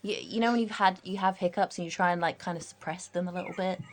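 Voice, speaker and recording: A woman with a somewhat low voice chats as a player in a tabletop game, complaining in a lively, animated way. A clear crowd murmur sits behind her. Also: fast talker. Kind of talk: casual chat in a tabletop game.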